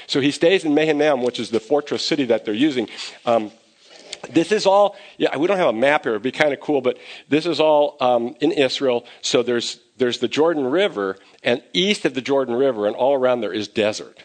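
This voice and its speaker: A man preaching a sermon as pastor, conversational and growing animated as he retells scenes. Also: mid-range voice, a little fast.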